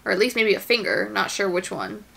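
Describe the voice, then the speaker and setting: A woman's voice: mid-range voice, very animated, brisk, vocal fry, fairly bright tone, a little hiss or hum. A woman giving casual commentary as she reacts to a movie, exclaiming and gasping at the screen, anxious and near tears for the characters.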